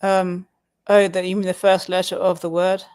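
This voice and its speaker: A man's voice: high-pitched, monotone, moderate pace, a little mellow, smooth, no echo. A man from Suffolk with a Suffolk English accent, co-hosting a casual livestream chat and patiently explaining things with frequent laughs. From Suffolk, England. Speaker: livestream co-host.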